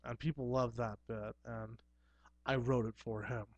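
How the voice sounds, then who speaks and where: A man in his younger years holds forth in a loose, rambling monologue about his life as a clown. His pitch sits right in the middle, and he sounds earnest and self-assured even as he stumbles into restarts. The recording is dry and close, with no room sound. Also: a little slow, no echo, dull audio. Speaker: clown performer.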